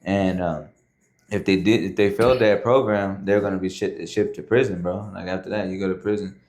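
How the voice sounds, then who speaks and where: Deep-voiced man telling a casual story. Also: steady tone, brisk, a little mellow. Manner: loose and conversational, filler words and frequent "man" and "bro". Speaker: podcast guest.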